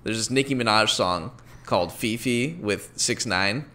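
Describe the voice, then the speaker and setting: A young man co-hosting a casual podcast chat, relaxed and agreeable, laughing often. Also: fairly low pitch, a little slow. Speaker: podcast co-host.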